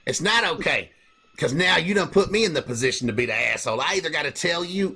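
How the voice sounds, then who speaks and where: A man hosting a casual comedy podcast, telling profane, animated stories. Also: fairly high pitch, fast. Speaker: podcast host.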